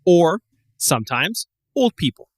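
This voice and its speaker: A man's voice: on the high side, big pitch swings, unhurried, dry recording, studio quality. A man co-hosting a podcast in casual chat, rambling with restarts, laughing and swearing as he tells old memories. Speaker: podcast co-host.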